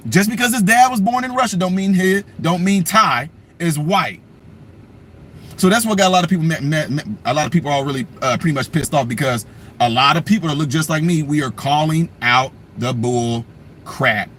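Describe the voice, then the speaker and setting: A political livestream host, a man, gives casual commentary in an animated, mocking style, reading viewer comments and taunting trolls. His voice is a little high at a moderate pace, with a bit of hiss or hum in the audio.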